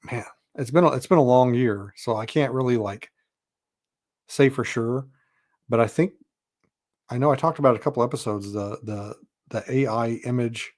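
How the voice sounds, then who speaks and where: A man's voice: mid-range voice, a little mellow. A man hosting a podcast, talking in a casual, rambling monologue full of "you know" and "uh", frank and a little exasperated. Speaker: podcast host.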